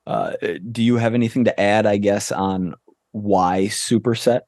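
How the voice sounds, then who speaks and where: Mellow low-voiced man explaining dryly. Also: fairly even intonation, a little slow, no echo, studio quality. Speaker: podcast co-host. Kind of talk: casual explaining.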